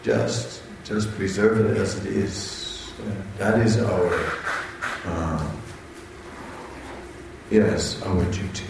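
A man with a somewhat low voice gives a spiritual talk and tells a story slowly, often pausing and restarting. He briefly slips into the voices of the people in the tale. He sounds some distance from the mic in a very echoey room with faint background noise. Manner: halting, unhurried storyteller who briefly voices quoted characters.

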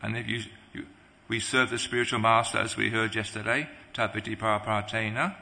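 Male preacher, devotional sermon, halting with restarts, gravelly, very bright tone, long hall reverb. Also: fairly low pitch, steady tone. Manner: halting, many restarts and pauses.

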